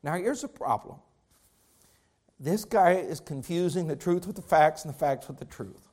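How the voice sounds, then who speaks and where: A man's voice: on the high side, expressive, normal speed, a little mellow. A man preaching a sermon as pastor, repeating phrases and building intensity as he speaks to his congregation.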